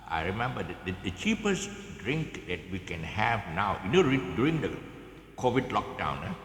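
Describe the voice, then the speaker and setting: Deep-voiced Malaysian man, halting and lively. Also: echoey room, long reverb tail, slight background noise. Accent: Malaysian English. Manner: halting, many fillers and restarts, chuckles often. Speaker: guitar teacher. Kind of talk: casual rambling tutorial chat. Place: outdoors, in the open.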